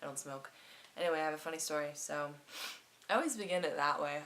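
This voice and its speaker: Hoarse woman telling a rambling comic story. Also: deep voice, fairly quick. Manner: animated, self-mocking, jumps between loud and quiet. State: hoarse from a cold. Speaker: vlogger.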